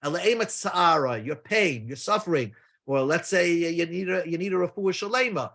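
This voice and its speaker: High-voiced man teaching Talmud. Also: normal speed, a bit bright. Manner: explains step by step, casual asides; freely mixes in Hebrew and Aramaic terms. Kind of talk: daily Talmud lesson.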